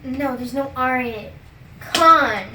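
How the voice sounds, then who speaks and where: A young woman in a comedy sketch, playing a teacher who spells out words slowly with exaggerated patience. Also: high-pitched, sharp tone, reverberant, a little hiss or hum. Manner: exaggerated, patient-then-exasperated teacher delivery, stretches out words.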